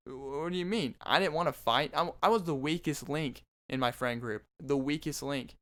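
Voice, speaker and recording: A young man riffs through a comedic monologue as a podcast host, rambling and restarting as he jokes. His voice sits at an ordinary pitch. It sounds smooth and clear. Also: normal speed, fairly bright tone.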